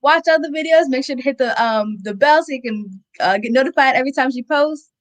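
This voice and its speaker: Girl high-voiced shy teen guest. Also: fairly quick. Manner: brief, plain, a little shy. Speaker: guest, daughter.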